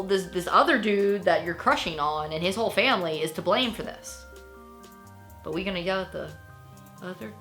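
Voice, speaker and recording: A woman giving a casual, chatty book review on her vlog, animated and full of fillers and laughs. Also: fairly low pitch.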